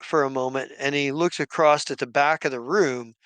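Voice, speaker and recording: A man's voice: medium pitch, fairly even intonation, moderate pace, fairly bright tone, clean tone, no room sound. A man narrating as game master of a tabletop game, rambling with many restarts.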